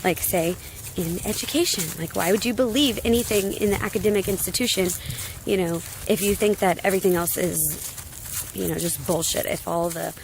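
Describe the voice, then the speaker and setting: A woman's voice: mid-range voice, normal speed, background noise. Ranting young woman outdoors, lots of fillers. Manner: ranty, filler-heavy, talks to her dog. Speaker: vlogger. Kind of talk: casual ranting vlog. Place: outdoors on a hike.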